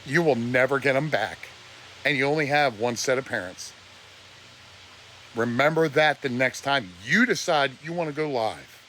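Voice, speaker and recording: A man's voice: medium pitch, moderate pace, bright, forceful tone, a little hiss or hum. A man ranting on a live stream, preachy and blunt, his voice close to breaking with emotion. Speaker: livestreamer.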